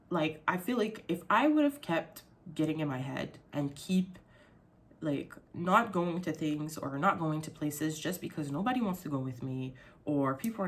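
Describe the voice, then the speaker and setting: Young woman YouTuber, frank and sensitive, swears freely, slightly low voice, casual vlog delivery. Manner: candid, heavy swearing, frequent fillers; emotional, sensitive.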